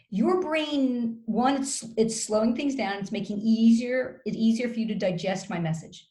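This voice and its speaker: A woman working as a communication coach gives advice in an interview, in a measured, instructive way. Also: on the high side. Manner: measured, instructive, acts out calm example phrases. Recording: roomy echo.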